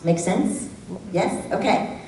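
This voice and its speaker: Woman, middle-aged, workshop speaker, animated, distant mic in a roomy church hall. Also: medium pitch, slow pace. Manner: animated, acts out quoted voices. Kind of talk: lively talk to a live audience. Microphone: handheld microphone. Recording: echoey hall from far off, faint background hum.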